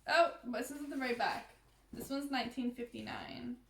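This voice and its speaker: A woman co-hosting a casual podcast, her high voice giggly as she reads old passages aloud. The room is echoey and a faint hiss sits behind her. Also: a little fast, vocal fry. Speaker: podcast co-host. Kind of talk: casual chat, reading old books aloud.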